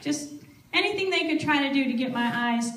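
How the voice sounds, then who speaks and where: A woman's voice: sits high, lively intonation, fairly quick, a bit bright, a little hiss or hum. A woman telling a personal faith story at a church service, acting out the dialogue as she goes. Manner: storytelling, acts out her own past dialogue. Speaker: gospel singer and speaker. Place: fairground event, outdoors. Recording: echoey from far off.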